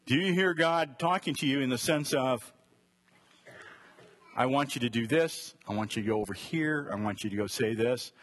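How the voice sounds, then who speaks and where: Man, preacher, husky voice, conversational Bible teaching, asks listeners questions. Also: fairly high pitch, fairly bright tone. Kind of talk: Bible study sermon.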